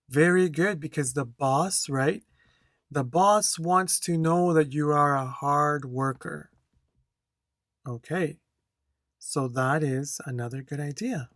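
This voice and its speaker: A speaking-test instructor walks learners through a model answer at a very slow, careful pace, stopping often to ask whether they are following. The voice sits at a middling pitch and is recorded close and dry, with no room sound. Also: a bit bright, no echo. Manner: slow, deliberate, checks in with "okay?" after each point; reads a model answer aloud with careful intonation.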